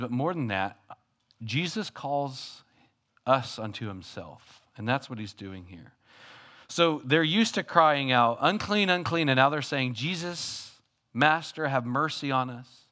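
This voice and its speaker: A man preaching a sermon as pastor, animated, moving between loud calls and quiet asides. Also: medium pitch.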